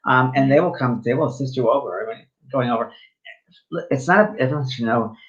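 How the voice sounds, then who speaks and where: A man at mid pitch co-hosts a show, telling rambling stories full of ums and restarts. His voice comes through slightly dull and lo-fi. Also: fairly quick. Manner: rambling anecdotes with many fillers and restarts. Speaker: spiritual medium co-host. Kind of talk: casual storytelling chat.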